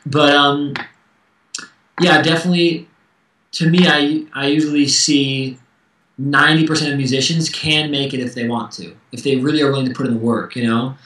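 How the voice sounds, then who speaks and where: A man's voice: a little high, flat delivery, normal speed, a bit bright, reverberant, far from the mic, low-quality recording. A man in his thirties, a musician guest speaking candidly and acting out quoted dialogue in casual interview chat.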